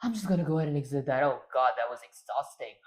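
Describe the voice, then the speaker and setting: Young male streamer, rambling, throat strained, mid pitch. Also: lively intonation, fast talker, low-quality recording. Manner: rambling, self-commenting, frequent throat-clearing. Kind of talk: casual live-stream chat.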